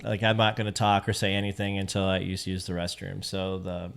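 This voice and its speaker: A man's voice: low voice, completely flat delivery, fairly quick, vocal fry, clean tone. A man with a Michigan accent, a podcast guest telling a personal story in casual conversation, earnest and prone to repeating his words.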